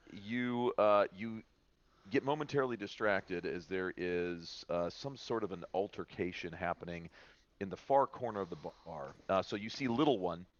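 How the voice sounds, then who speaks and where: A man narrating as game master in a tabletop game, halting and full of filler sounds. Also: low-pitched, dull audio.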